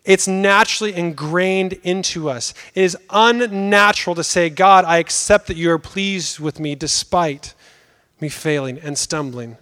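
A young adult man preaching a sermon in a conversational, emphatic way with dramatic pauses. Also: high voice, a bit bright.

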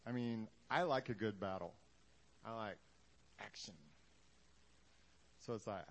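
A man's voice: on the low side, measured pace, long pauses. A man preaching a sermon in a casual, joking way, acting out the Bible scenes he talks about for the congregation. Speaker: pastor.

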